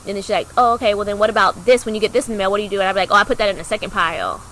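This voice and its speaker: A young woman co-hosting a podcast, telling a personal story in a chatty way, acting out the voices of people in it with big jumps in pitch. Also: rapid-fire, a little hiss or hum, rough recording. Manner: animated, acts out quoted dialogue with big pitch jumps; chatty, heavy use of "like" fillers. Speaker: podcast co-host.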